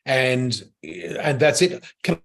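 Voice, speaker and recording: A man's voice: mid-range voice, animated, takes it slowly, vocal fry, a bit bright. A middle-aged man co-hosting a radio talk show, telling a story animatedly and laughing often. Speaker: radio co-host. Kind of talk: casual chat, storytelling.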